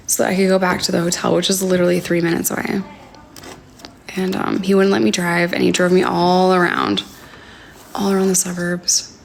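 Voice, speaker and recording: A young woman recounts a story on a phone livestream from home, her words halting and full of fillers. Her voice sits low and carries a gravelly vocal fry. At times she drops almost to a whisper, over a faint hum in the background. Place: home, indoors.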